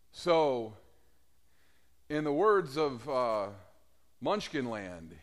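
A man's voice: mid-range voice, animated, measured pace. A man preaching a sermon in a conversational way, asking the congregation questions.

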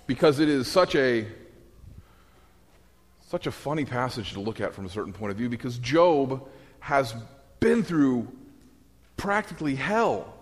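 A man preaching a sermon, telling the story in a wry, animated way with sarcastic asides. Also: mid-range voice, in a large hall.

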